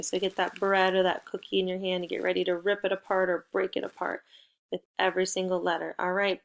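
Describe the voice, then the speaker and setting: A woman with a low, gravelly voice teaches a recorded phonics lesson to young children. She keeps her pitch fairly flat and steady as she spells out letters slowly. She leads the class in a playful call-and-response.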